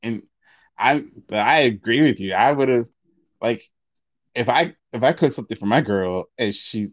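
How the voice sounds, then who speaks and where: A man's voice: medium pitch, expressive, normal speed. A man co-hosting a casual podcast, telling a story with lots of restarts and fillers. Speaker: podcast co-host. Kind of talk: casual chat.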